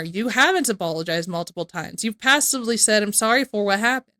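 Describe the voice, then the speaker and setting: A young woman comments on a video she is watching, in a loose, rambling way that keeps circling back in exasperation. Her voice is bright and forceful. The sound is dry and close to the mic. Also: mid-range voice, expressive, fairly quick, no echo. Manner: rambling, exasperated, repeats herself. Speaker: reaction streamer.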